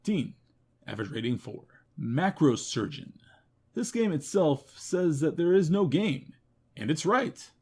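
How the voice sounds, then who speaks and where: A man hosting a game news show, running through a list of games with quick wry comments and self-mocking asides. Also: fairly high pitch, lively intonation, darkish tone, slightly rough. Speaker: host. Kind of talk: rapid game review roundup.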